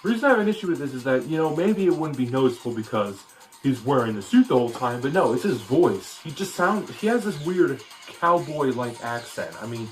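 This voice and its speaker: A man's voice: medium pitch, lively intonation, fairly quick, faint music behind. Rambling, opinionated male commentator. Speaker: video commentator. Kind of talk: casual critique commentary.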